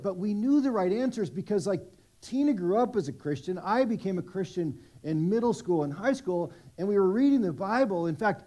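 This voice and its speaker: A man's voice: high voice, dark tone. A middle-aged man preaching a sermon at a church service, conversational and self-deprecating, with many restarts. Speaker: pastor.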